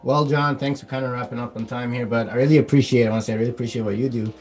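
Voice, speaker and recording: A man's voice: mid-range voice, steady tone, very fast, darkish tone, soft background music. A young man hosting a podcast, politely wrapping up and thanking his guest. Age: young adult. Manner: polite, appreciative. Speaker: podcast host. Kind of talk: wrapping up an interview.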